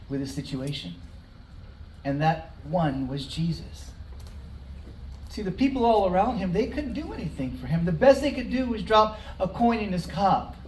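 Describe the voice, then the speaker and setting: A pastor giving a conversational, story-driven sermon with dramatic pauses. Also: medium pitch, a little mellow, a little hiss or hum. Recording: roomy hall, mic at a distance.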